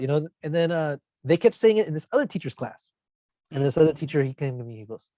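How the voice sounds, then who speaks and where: A man's voice: fairly high pitch, expressive, fast talker, mellow, no echo. A man, a teacher, telling rambling anecdotes in a casual podcast chat and acting out what his students said. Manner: rambling anecdotes, acts out quoted kids with shifts in tone. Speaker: podcast co-host, middle school teacher.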